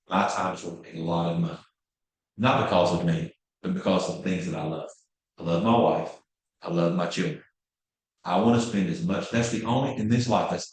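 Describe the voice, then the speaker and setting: A man in his fifties giving a passionate, blunt real estate training talk. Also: low voice. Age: 50s. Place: training room. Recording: very echoey room.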